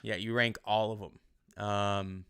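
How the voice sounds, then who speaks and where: A male teacher giving casual online class instructions in a relaxed, rambling way with many fillers. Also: lowish voice, slow, smooth.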